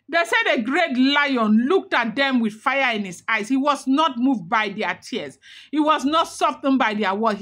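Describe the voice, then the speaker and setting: A woman retells celebrity gossip with dramatic emphasis and plenty of repetition. Her voice is high, and her pitch swings widely from line to line. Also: fairly bright tone. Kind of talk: storytelling gossip narration.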